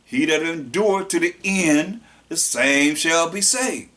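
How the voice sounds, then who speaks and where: A man teaching a sermon. He reads verses slowly and explains them in loose casual talk, often repeating words and phrases. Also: a little high, lively intonation, bright, forceful tone. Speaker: preacher.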